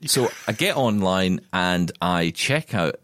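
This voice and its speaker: Man, deep voice, lively swinging pitch, chatty rambling podcast host, dry close sound. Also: takes it slowly, no echo. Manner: chatty, rambling anecdotes with many asides. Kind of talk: casual chat.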